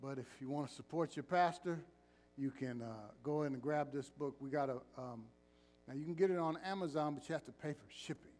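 A man's voice: a little high, brisk, darkish tone. A man preaching as pastor in a church, calling for responses and joking with the congregation. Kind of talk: sermon with announcements.

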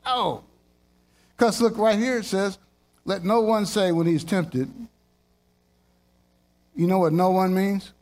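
A man with a high voice preaching an animated sermon. He is jokey, repeats his points for emphasis and slips into playful voices to act out everyday scenes. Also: slow pace, long pauses.

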